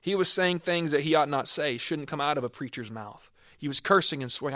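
A man's voice: fairly high pitch, fairly quick, few pauses, fairly bright tone, no room sound. Earnest male preacher, dry sound. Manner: earnest, builds to emphatic swells on key words. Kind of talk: sermon with scripture reading.

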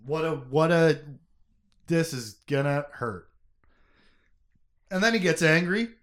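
A man's voice: a little high, lively intonation, slow, a bit bright. A young man co-hosting a podcast, chatting casually about a novel in an emotive, conversational way with plenty of fillers and laughter.

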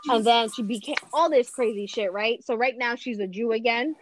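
New woman co-host, profane animated storyteller, slightly high pitch. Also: moderate pace, slight background noise. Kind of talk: casual chat.

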